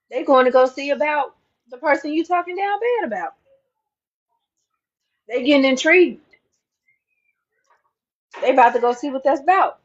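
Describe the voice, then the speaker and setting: A woman with a high voice rants casually into the camera, repeating lines for emphasis as she talks straight to the viewer. The recording sounds dull and lo-fi.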